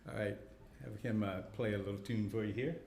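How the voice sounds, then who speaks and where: A man's voice: fairly low pitch, steady tone, normal speed, vocal fry, darkish tone. A man, a fiddler, telling a playful story between tunes at a live session and laughing often. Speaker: fiddler and performer. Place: small historic listening room. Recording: roomy live room with faint noise.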